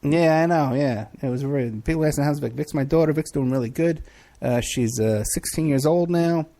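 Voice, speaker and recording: A man's voice: fairly high pitch, normal speed, dark tone. A middle-aged man hosting a talk show, rambling casually through viewer questions with many hesitations. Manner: rambling, chatty, frequent hesitations. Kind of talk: casual livestream chat.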